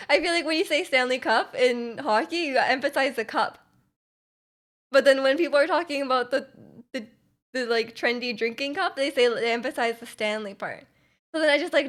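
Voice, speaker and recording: A woman's voice: sits high, fairly bright tone. Rambling young woman streamer. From Canada. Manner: rambling, many likes and restarts, laughing often. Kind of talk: casual chat with live chat.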